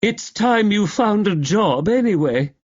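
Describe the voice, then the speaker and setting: A man's voice: high voice, expressive, measured pace, dull audio, pitched above the performer's own voice. A man voicing a drunken woman, a former vampire-film actress, who slurs her words and sneers at her relatives. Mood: sneering. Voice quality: slurred.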